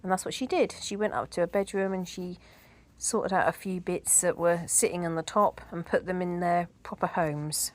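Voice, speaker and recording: A woman's voice: lowish voice, fairly even intonation, moderate pace. A middle-aged woman chatting in a rambling way, with asides and laughter, as a decluttering vlogger. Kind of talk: casual chat.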